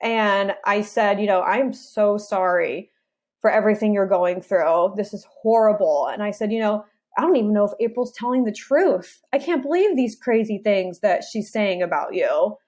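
A woman's voice: mid-range voice, normal speed, a little mellow. A young woman, an interview guest, telling a personal story in a casual way and acting out her side of past conversations.

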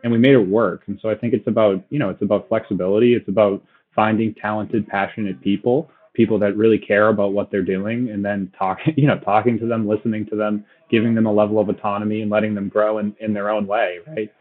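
Man in an interview, lower voice, halting and chatty, thin phone-line sound. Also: level tone. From Boston area. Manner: many restarts and "right?" tags, laughs often. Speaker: logistics company guest. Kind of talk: casual interview talk.

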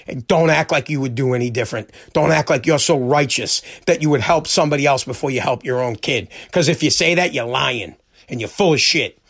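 A man's voice: on the high side, gravelly, a bit bright, breathy edge. An American man hosting a podcast, delivering a heated, profane, combative rant on his own. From United States. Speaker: podcast host.

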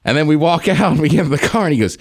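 Male podcast co-host, slightly high and very lively pitch, joking and laughing through stories. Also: racing. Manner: laughing, playful teasing storyteller. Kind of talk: casual chat.

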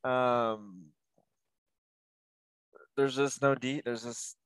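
A man co-hosting a casual sports podcast. He hesitates and fills with "I mean" and "um" while he jokes along. His voice is smooth and clear, recorded close and dry. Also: medium pitch, steady tone, extremely slow, dry recording. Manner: hesitant, filler-heavy, joking. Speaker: podcast co-host.

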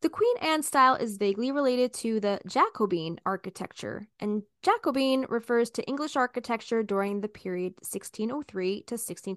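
A woman's voice: a little high, fairly bright tone, no room sound, clean studio sound. A woman co-hosting a casual podcast, reading notes aloud with chatty, giggly asides. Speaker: podcast co-host.

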